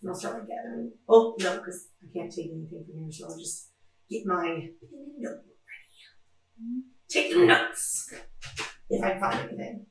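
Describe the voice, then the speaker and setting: A woman playing a tabletop game, relaxed and thinking aloud. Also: fairly low pitch, brisk, heavy reverb, low-quality recording. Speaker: player. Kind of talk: casual tabletop play.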